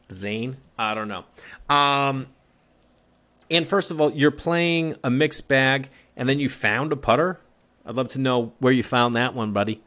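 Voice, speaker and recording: A man's voice: mid-range voice, fairly bright tone. A man hosting a golf podcast, teasing his callers in loose, joking chat. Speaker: podcast host. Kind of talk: casual comedic podcast talk.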